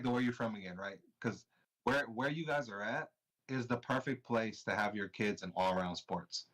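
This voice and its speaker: A man's voice: on the low side, fairly bright tone, low-quality recording. Laid-back slangy young man. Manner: laid-back slangy, laughs often, swears freely. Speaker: podcast co-host. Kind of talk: casual chat.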